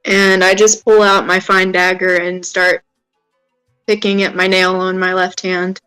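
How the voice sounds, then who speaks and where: A man player describing his character's actions in a relaxed way. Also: sits high, a little slow, clean tone, faint music behind, rough recording.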